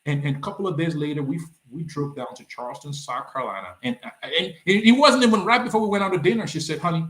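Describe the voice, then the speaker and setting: Animated Nigerian-born man telling a story. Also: fast talker, few pauses, echoey room. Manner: lively, acts out quoted dialogue with big swings in pitch. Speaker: nonprofit founder, guest. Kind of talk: animated storytelling in a podcast interview.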